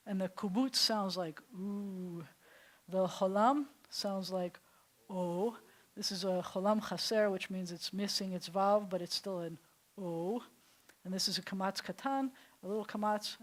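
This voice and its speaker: A middle-aged woman from New York, a rabbi teaching a Hebrew class in a chatty, animated way with frequent laughs. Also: mid-range voice. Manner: chatty and animated, often laughing between points.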